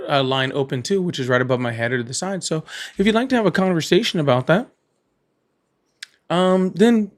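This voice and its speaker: Blunt, slightly high-voiced livestream host. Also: male voice. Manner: blunt, argumentative, quick to interrupt. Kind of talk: live political call-in chat.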